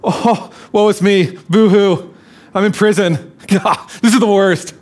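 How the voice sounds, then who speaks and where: A man's voice: high-pitched, fairly even intonation, a little slow, darkish tone, pitched above the performer's own voice. A man putting on the voice of a self-pitying imprisoned man who moans melodramatically about his woes. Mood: whiny. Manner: mocking, melodramatic whimper.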